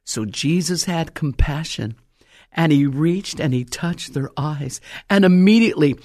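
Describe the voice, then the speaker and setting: A preacher delivering a sermon, reading scripture aloud and breaking off to explain it, asking the listeners many rhetorical questions. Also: medium pitch. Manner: dramatic storytelling with rhetorical questions; swings between loud exclamation and hushed whisper.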